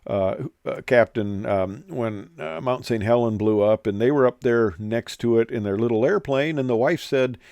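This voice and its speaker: A man's voice: medium pitch, moderate pace, hardly any pauses, a little mellow, no echo, lo-fi sound. A man, an airline pilot, telling an aviation story in a casual, rambling way with many hesitations.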